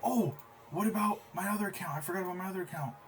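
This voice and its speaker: Excitable swearing man trading live. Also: high-pitched, racing, music in the background.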